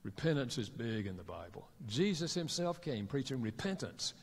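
A man's voice: mid-range voice, very animated, moderate pace, creaky, slightly rough. A man preaches to his congregation, his mid-range voice ringing out in a large reverberant hall. He tells stories and slips into the voices of the couples in them as he talks. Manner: storytelling, acts out quoted couples in dialogue. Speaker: pastor and marriage counselor. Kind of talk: sermon.

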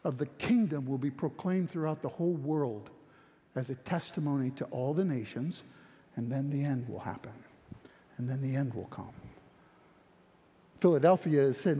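Brief: male pastor, emphatic sermon delivery, raised pitch, echoing hall sound. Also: moderate pace, dark tone, husky. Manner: emphatic preaching with frequent repetitions and restarts.

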